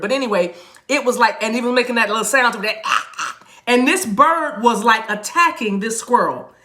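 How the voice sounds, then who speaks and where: A middle-aged woman talks loosely to her livestream chat as a spiritual reader. Her voice sits high and sounds bright and forceful. She laughs often and slips into chanted, tongue-like phrases. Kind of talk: casual livestream talk to chat viewers.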